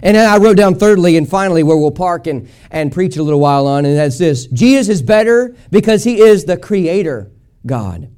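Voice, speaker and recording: High-pitched male pastor, emphatic, repetitive sermon delivery with congregation call-outs. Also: expressive, normal speed, dark tone, clear, resonant tone. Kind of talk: preached sermon. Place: church service.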